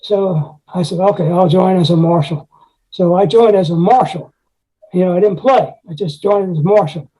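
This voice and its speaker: An older man, a retired music teacher, tells rambling anecdotes in a conversational storytelling interview, often saying "you know" and scat-singing musical articulations. His voice is high-pitched yet dark-toned and husky, at normal speed. The audio quality is poor.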